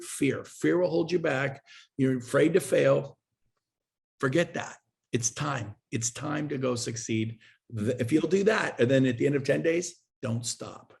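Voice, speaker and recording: A man talking as a guest in an interview, pitching hard with emphatic, repetitive and urgent delivery. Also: unhurried, vocal fry, darkish tone. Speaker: guest, real estate agent and recruiter. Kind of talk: energetic sales pitch in an interview.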